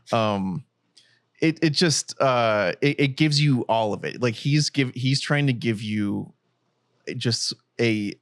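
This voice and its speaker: A man's voice: mid-range voice, slow, no echo, clean studio sound. A man talking loosely and bluntly in a casual podcast chat about a film, often laughing and swearing. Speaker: podcast guest.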